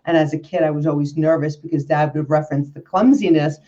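An upbeat woman hosting an interview, warmly encouraging her guest and her listeners. Her audio is a little dull and lo-fi, muffling the top end of her voice. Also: sits low, fairly even intonation, quick pace. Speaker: host.

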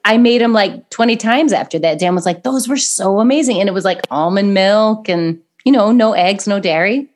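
Chatty woman co-host, quick to laugh. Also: mid-range voice. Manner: chatty, quick to laugh, tells personal asides. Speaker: podcast co-host. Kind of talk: casual chat reviewing a baking show.

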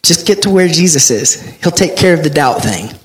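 Man, pastor, sermon, fairly high voice, animated scripture reading. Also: moderate pace.

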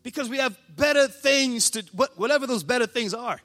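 A man pastor delivering a passionate sermon to his church, building to shouts. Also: extremely high pitch, brisk. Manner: passionate, preaching with rising shouts.

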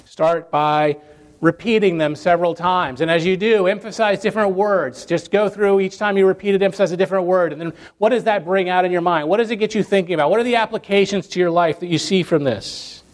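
A male pastor delivering a sermon in church, with a voice pitched a little above the usual for a man. He speaks earnestly and builds his points through emphatic lists and repetition. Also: brisk.

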